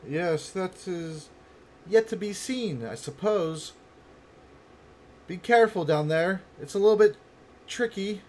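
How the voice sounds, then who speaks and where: A man's voice: sits high, expressive, slow pace, long pauses, darkish tone, voice pushed up. A man voicing a suspicious, commanding woman who calls down from a platform. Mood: guarded. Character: wary woman calling down from a platform.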